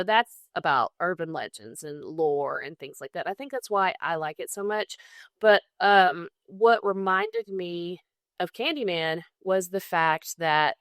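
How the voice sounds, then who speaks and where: A woman's voice: fairly low pitch, fairly bright tone, smooth, no room sound, clean studio sound. Chatty Southern woman telling folklore. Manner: chatty, laughs often, enthusiastic about folklore. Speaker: guest co-host. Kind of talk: casual podcast storytelling.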